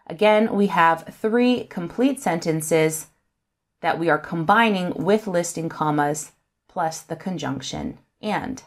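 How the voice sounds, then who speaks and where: A woman giving a lesson, reading example sentences aloud and naming each comma in a softer, lower voice. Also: measured pace. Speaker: English teacher. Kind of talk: slow, careful lesson explanation.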